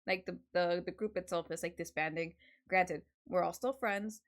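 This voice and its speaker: A woman's voice: fairly low pitch, fairly even intonation, moderate pace. A young woman streamer chatting casually at home, swearing a lot and laughing often. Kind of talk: casual chat.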